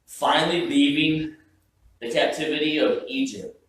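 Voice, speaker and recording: A man's voice: on the high side, fairly even intonation, measured pace, a bit bright, heavy reverb, recorded from a distance, low-quality recording. A man preaching a sermon as pastor in a casual, joking, conversational way, often stopping and restarting his sentences. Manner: conversational, joking, self-interrupting. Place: church sanctuary.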